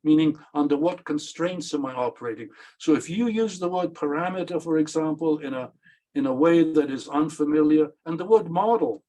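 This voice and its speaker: Man, workshop presenter, emphatic, repetitive, slight stammer, somewhat high voice. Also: moderate pace, mellow. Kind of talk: instructional talk.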